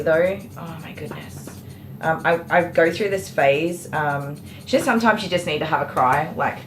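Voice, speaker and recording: A woman who is a dog groomer, chatting casually on a livestream while she works and answering viewers by name. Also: deep voice. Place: grooming salon, indoors.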